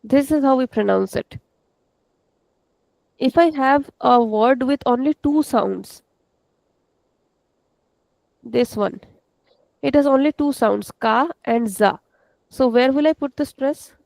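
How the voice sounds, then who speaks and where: A woman teaching a language class, slowly repeating words and patiently checking her students' pronunciation. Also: high voice, creaky, darkish tone, dry recording, poor audio.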